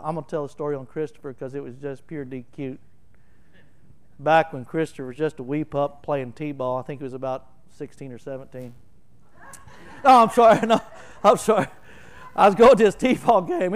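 A middle-aged preacher with a Southern Oklahoma drawl and a somewhat high voice. He talks in a folksy, storytelling way, then swells into big, emphatic peaks while walking through a Bible passage. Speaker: pastor. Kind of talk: sermon.

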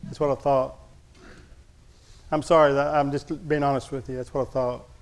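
A man's voice: mid-range voice, little pitch movement, moderate pace. A male pastor preaching a sermon, telling a personal story in a folksy, candid, humorous way to his congregation.

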